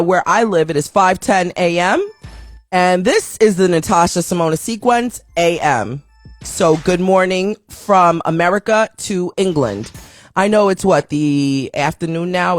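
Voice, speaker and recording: A woman hosting a live stream show, talking casually with a raspy morning voice, reading and answering viewer comments and greeting people as they join. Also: lowish voice. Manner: playful sing-song shout-outs to viewers joining.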